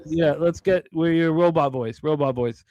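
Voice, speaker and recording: A man's voice: a little high, normal speed, darkish tone, no room sound, dull audio. A man hosting a sports betting show, talking casually with rambling self-corrections and upbeat introductions.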